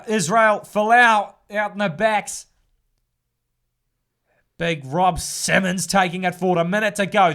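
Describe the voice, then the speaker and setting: A man doing casual live play-by-play rugby commentary, brisk and chatty. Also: high voice, fairly bright tone, smooth. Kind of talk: live fan sports commentary.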